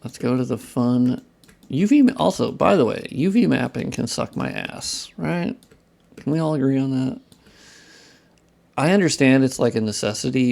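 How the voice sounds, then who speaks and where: A man's voice: mid-range voice, animated, moderate pace, gravelly, darkish tone. A young man chatting casually on a live stream while he works, muttering and swearing at his tools and joking with viewers. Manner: profane, self-deprecating muttering to chat. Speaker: modding streamer.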